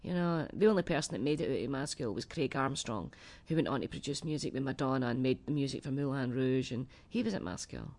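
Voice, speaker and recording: A woman in her forties with a Glaswegian Scottish accent, a comedian chatting as a radio interview guest in a quick-witted, self-deprecating way. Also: very deep voice, a little mellow. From Scotland. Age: 40s. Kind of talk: casual radio interview chat.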